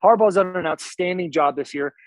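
A man's voice: high-pitched, brisk, no echo, low-quality recording. A young man, a pro football player, chatting as a podcast guest in a boisterous, laid-back storytelling way. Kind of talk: casual podcast chat.

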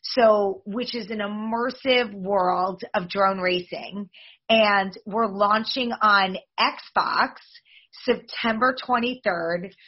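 A woman in her forties speaks as a podcast guest, selling her league with upbeat, promotional energy. Her voice is husky and mid-pitched. The audio sounds slightly dull, as over a remote link. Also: steady tone. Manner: upbeat, promotional, fast-flowing. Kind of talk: podcast interview answers.

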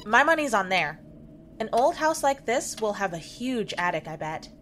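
Woman doing a crude sarcastic girl, bright sharp voice, radio drama. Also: mid-range voice, very animated, moderate pace, a little hiss or hum. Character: blunt crude young woman Mariella, sarcastic. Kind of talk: audio drama acting.

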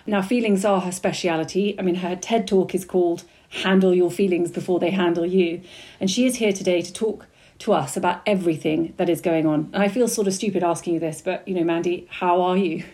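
A woman's voice: lowish voice, fairly even intonation, a little fast, mellow. A woman hosting a podcast, chatting openly and thoughtfully before introducing her guest. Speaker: podcast host. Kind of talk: casual chat.

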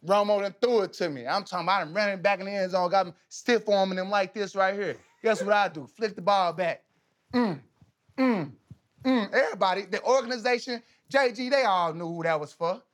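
A man in his thirties, a podcast guest, telling stories in a casual, animated, slangy way, often laughing. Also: high-pitched, brisk. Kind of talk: casual storytelling.

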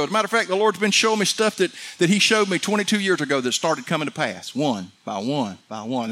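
A middle-aged man preaching a fervent sermon, building to excited peaks. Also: a little high. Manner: fervent, rising to shouts of excitement. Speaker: pastor.

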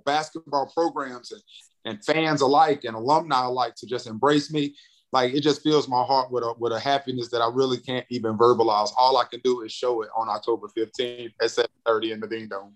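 Young male comic guest, lively storyteller who acts out dialogue. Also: poor audio. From North Carolina. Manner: animated, acts out quotes with big pitch jumps. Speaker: comedian and radio host, guest. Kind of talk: casual interview storytelling.

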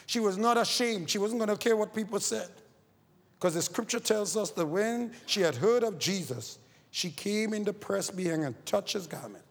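A man delivering a sermon in a high-pitched voice, rising loud on key phrases and sinking low and slow on others. The sound carries a long reverb, as in a large hall. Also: lively intonation, breathy edge. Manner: preaching with sweeping rises and falls in pitch and loudness. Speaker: preacher.

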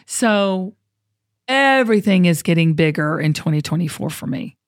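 A woman's voice: on the low side, expressive, moderate pace, no echo, studio quality. A middle-aged woman, hosting a casual chat and talking in an upbeat, motivational way. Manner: upbeat, motivational, uses y'all. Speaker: show host.

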